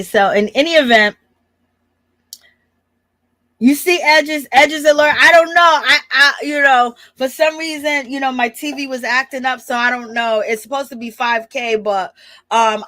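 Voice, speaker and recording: Chatting with a live audience from home, a woman with a slightly high voice gives a sassy, lively reality-show gossip recap, performing quotes and laughing a lot. The recording is dry.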